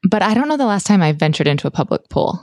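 A woman's voice: medium pitch, very animated, rapid-fire, darkish tone, dry recording. A woman from Nebraska co-hosting a casual food and farming podcast, with dry, teasing humor. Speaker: podcast co-host.

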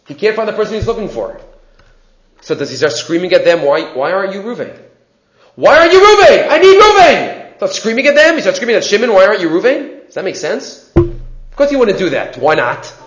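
A man's voice: high voice, echoey room, lo-fi sound. A man teaching a weekly Torah class, explaining sources line by line and asking and answering his own questions.

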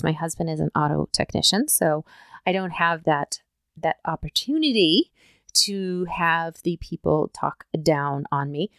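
A woman's voice: on the low side, vocal fry, no echo, clean studio sound. Emphatic woman giving a casual pep talk. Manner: emphatic, conversational, keeps asking "right?". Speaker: podcast host.

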